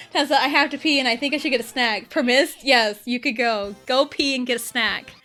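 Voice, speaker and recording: Giggly young woman streamer, high voice. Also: lively intonation, normal speed, pushed and bright. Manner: giggly, self-mocking. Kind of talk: casual gaming livestream chat. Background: faint game music.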